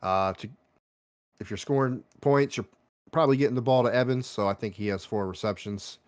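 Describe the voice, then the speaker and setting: A man's voice: fairly low pitch, fairly quick, no echo, studio quality. A man co-hosting a casual sports betting chat, laid-back, reasoning step by step with many fillers. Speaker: podcast co-host.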